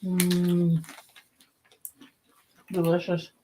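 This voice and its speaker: A woman's voice: lowish voice, monotone, extremely slow, slight background noise, poor audio. A woman co-hosting a casual snack tasting show, switching between chatty tasting remarks and playful read-out product blurbs. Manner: playful, reads product blurbs in a bright promo tone; murmurs tasting sounds while eating.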